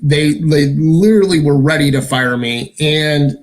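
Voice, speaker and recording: A man speaking as a guest in casual chat. His voice sits a little high for a man. He tells his stories in a lively, rambling way. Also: unhurried.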